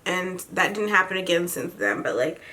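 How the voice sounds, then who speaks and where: A woman's voice: on the low side, sing-song, moderate pace, bright, forceful tone. A young pregnant woman gives a casual update to her viewers. She is slangy and chatty and laughs often. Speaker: vlogger.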